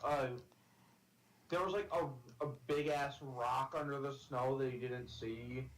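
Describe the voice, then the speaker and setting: A man's voice: medium pitch, fairly even intonation, a little slow, low-quality recording. A young man streaming a game, talking in a rambling, filler-heavy, swearing way. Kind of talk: casual chat on a game stream.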